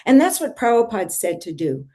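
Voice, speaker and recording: A woman's voice: a little high, big pitch swings, brisk, mellow. Woman earnestly telling a devotional story. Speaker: devotee sharing testimony. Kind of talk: personal storytelling in a group talk.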